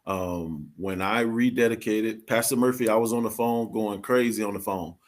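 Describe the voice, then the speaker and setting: A man's voice: on the low side, normal speed. A man speaking as a guest, telling his story in an earnest, confessional way with casual slang. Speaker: podcast co-host, guest. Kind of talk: candid personal testimony.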